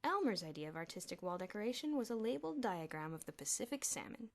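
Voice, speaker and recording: A woman reading a children's novel aloud as an audiobook, with an expressive delivery. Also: mid-range voice, fast talker. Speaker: audiobook reader. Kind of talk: audiobook narration.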